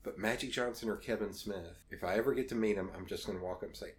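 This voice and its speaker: Guy telling stories on a podcast, lower voice, does all the voices, swears a lot. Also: fast, few pauses, slight background noise. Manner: animated, acts out quotes, swears casually. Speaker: podcast guest. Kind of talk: casual storytelling.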